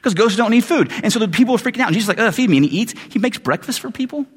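A man preaching a sermon as pastor, in an animated, conversational way full of asides. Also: extremely high pitch, racing, husky. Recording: long reverb of a large hall.

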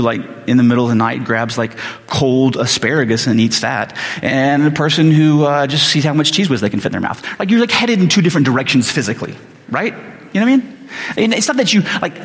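A man preaching a sermon in a loose, conversational way, full of fillers and rhetorical questions. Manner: conversational, many fillers, rises in pitch when excited. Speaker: pastor. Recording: reverberant hall.

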